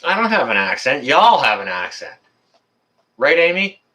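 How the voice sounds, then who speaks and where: Male live-stream host, chatty, lively pitch. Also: a little fast. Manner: chatty, talks to viewers and reads chat aloud. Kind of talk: casual live-stream chat. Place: apartment.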